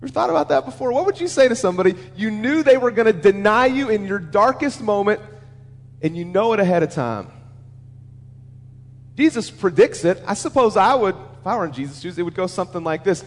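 A man's voice: high voice, sing-song, moderate pace. A man preaching a sermon as a pastor, talking earnestly and conversationally and putting questions to the listeners. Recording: long reverb of a large hall.

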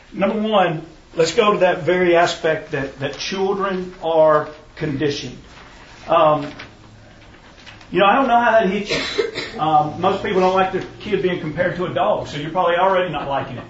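A man preaching in a relaxed, folksy storytelling style. His voice sits a little high, and the sound is muffled, as if the mic is far away. The room around him is echoey. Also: normal speed, a little hiss or hum. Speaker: preacher teaching a parenting class. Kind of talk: sermon.

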